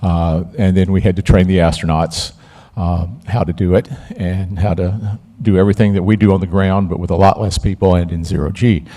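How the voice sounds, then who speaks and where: A man recalling his film camera work on a live panel, talking haltingly with many fillers and restarts. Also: deep voice, flat delivery, mellow. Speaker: panel guest, former camera operator. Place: museum event stage.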